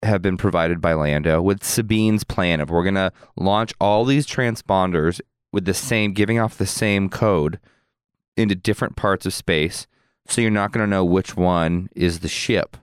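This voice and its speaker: A man co-hosting a casual podcast chat, recapping with animated storytelling. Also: deep voice, normal speed, clear, resonant tone, no echo, studio quality. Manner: animated storytelling with acted quotes. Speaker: podcast co-host.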